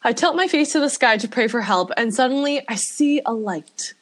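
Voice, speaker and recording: Woman, podcast co-host, lively storyteller, laughs often, slightly high voice. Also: normal speed. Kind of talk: casual chat, reading out listener stories.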